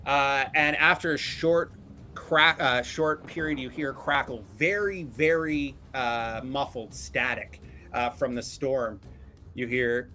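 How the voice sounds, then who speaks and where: A man's voice: medium pitch, slow pace, pushed and bright. A man who is game master, narrating a tabletop game in a loose, casual way full of fillers.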